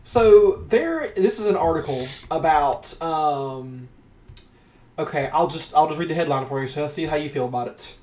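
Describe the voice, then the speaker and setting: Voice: medium pitch, lively intonation, moderate pace, darkish tone. A young podcast host chatting casually, laughing often and swearing now and then, and reading an article aloud. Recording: echoey room, voice off-mic.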